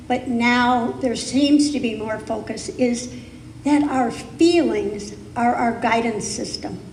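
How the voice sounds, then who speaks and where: Slow, deliberate woman preaching in an echoey hall. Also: a little high, darkish tone, slight background noise. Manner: slow, deliberate, emphatic phrasing. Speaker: guest speaker. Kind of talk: sermon. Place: spiritual center sanctuary. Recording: echoey hall, live stream.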